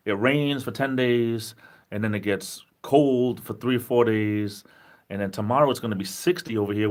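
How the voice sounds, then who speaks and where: A man's voice: on the low side, a bit bright. A tired man with a Rhode Island accent, chatting casually on a livestream, rambling and upbeat with frequent laughs. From New England. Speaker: livestream host. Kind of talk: casual livestream chat reading viewer comments.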